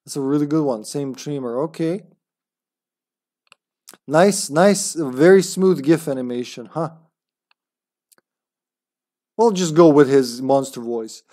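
A man's voice: on the high side, mellow. Jokey young man streaming a game. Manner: jokey, laughs often, quick asides. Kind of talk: casual gaming commentary.

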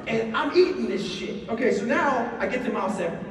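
A man telling a story on stage in a blunt, profane, animated way, heard in a large hall. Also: very high voice, fairly quick. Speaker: speaker. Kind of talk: live storytelling talk. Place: large hall before an audience. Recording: echoey hall from far off, faint noise.

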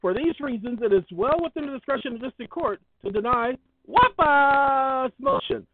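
A very high-pitched man with lively intonation speaks at a moderate pace in a dry recording that sounds tinny, like a phone. He's an online video host reading excerpts of a court ruling, casual yet emphatic, repetitive and preachy.

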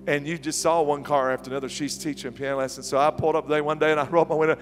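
Animated preacher man in a reverberant church. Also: fairly high pitch, very fast. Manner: animated storytelling preacher, repeating questions, sudden soft drops and loud climbs. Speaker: pastor. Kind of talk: sermon.

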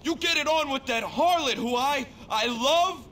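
An actor playing a jealous, hot-headed teenage greaser gang leader in a video game, with a snarling, threatening delivery. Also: male voice, very high-pitched, unhurried, bright, forceful tone, a little hiss or hum, heavily acted. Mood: jealous, furious. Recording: distant game audio with music. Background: game music.

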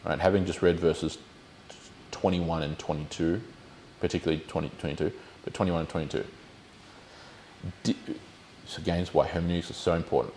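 A man's voice: low-pitched, steady tone, brisk, pauses often, darkish tone, a little hiss or hum. A man leading a Bible study, explaining the text and putting questions to his group.

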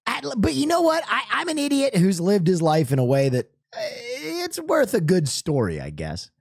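A male streamer spins a casual, self-mocking story, dropping curses along the way. His pitch leaps up and down with animation. The close mic sounds dry, with no room around it. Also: huge pitch swings, normal speed, gravelly, breathy edge, dry recording.

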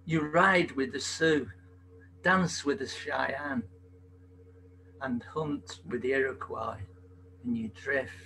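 A man performing at an open mic over a video call, reading a poem softly and slowly, then chatting before a sung parody. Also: mid-range voice, a little hiss or hum, rough recording. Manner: slow, soft-spoken delivery with gravelly fry.

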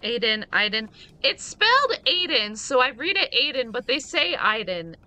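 Woman streamer, playful let's-play commentary, bright voice, lively pitch. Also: normal speed. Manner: playful, chatty, reacts to the game out loud.

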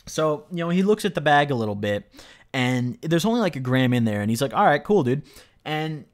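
A man spinning a casual storytime monologue, his voice swinging up and down with lots of lively pitch movement. He rambles, leaning on "like", "you know" and tag questions. He swears freely for emphasis. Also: brisk. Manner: rambling, fills speech with "like", "you know" and "right?". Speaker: storyteller vlogger.

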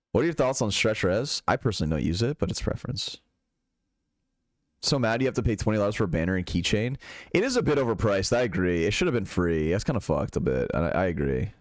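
Lively low-voiced male streamer. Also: no echo, clean studio sound. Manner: relaxed, swears freely, answers viewers' questions. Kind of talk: casual chat reading out live chat.

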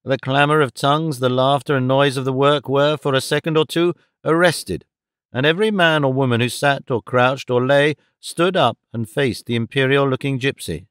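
A man's voice: medium pitch, fairly even intonation, moderate pace, a bit bright, smooth, no room sound. Man narrating an audiobook, dry sound. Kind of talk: scripted narration.

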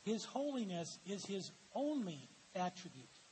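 A man's voice: high-pitched, sing-song, a little slow, a little mellow. A man preaching a sermon as pastor, reading quotations aloud and asking the congregation for answers. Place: church sanctuary. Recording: long hall reverb with faint hiss.

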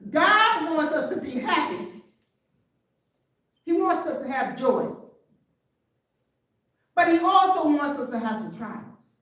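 Woman preacher, high voice, lots of why-don't-you questions, big echo, sounds far from the mic. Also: lively intonation, slow pace, long pauses, fairly bright tone. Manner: conversational preaching with rhetorical questions. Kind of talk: sermon. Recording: very echoey room, voice from afar.

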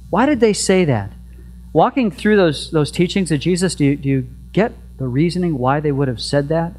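Male pastor, fairly high voice, chatty sermon delivery with faint mains hum. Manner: conversational preaching with rhetorical questions; repeats a prayer refrain softly. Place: church sanctuary.

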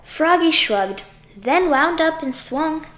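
A woman reading a children's picture book aloud, expressive and sing-song. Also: high-pitched, takes it slowly, roomy sound, background noise. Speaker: audiobook reader. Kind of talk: children's story read aloud.

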